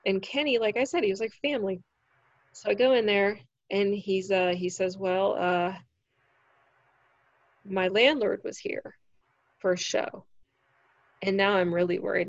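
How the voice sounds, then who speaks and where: A woman who is a standup comic, telling a story in casual chat, animated and swearing freely. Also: medium pitch, unhurried, pauses often, no echo, dull audio. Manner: animated, acts out quoted voices, swears freely.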